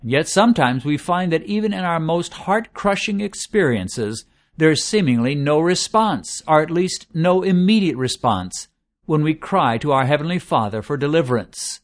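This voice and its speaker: A man preaching a sermon in an earnest, measured way, slowing down to stress lists of words. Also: fairly high pitch, expressive.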